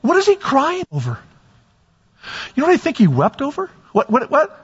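A pastor preaching a sermon, rising to shouts on key points and putting questions to his congregation. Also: very high-pitched, huge pitch swings, normal speed. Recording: lo-fi, long reverb in a church hall.

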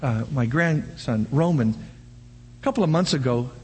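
An older man preaching a sermon, firing off rhetorical questions and breaking into animated shouts. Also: mid-range voice, measured pace, a little hiss or hum. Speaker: pastor.

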